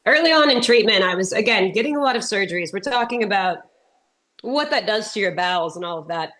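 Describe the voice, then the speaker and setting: A woman in her thirties, a stand-up comedian from Texas, talks through a keynote as a chatty, self-deprecating storyteller. She is getting over a sinus infection and coughs now and then. Her pitch sits in a middle range. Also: expressive, fairly quick, a bit bright. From Texas, USA. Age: 30s. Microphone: remote presentation.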